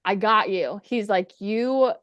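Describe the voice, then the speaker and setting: Woman on a podcast, swears a lot, does the voices in her stories, smooth clear voice, dry sound. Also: mid-range voice, slow pace, fairly bright tone, no echo, muffled recording. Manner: chatty, profane, acts out quotes. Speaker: podcast guest. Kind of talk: casual storytelling.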